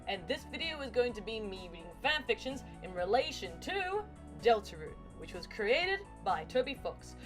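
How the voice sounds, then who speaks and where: A woman's voice: a little high, big pitch swings, moderate pace, fairly bright tone, faint music behind. A young woman, chatty and playful, hosting a casual video where she reads stories into a microphone. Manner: chatty, playful, self-mocking. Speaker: fanfiction reader and video host. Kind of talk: casual chat and story reading.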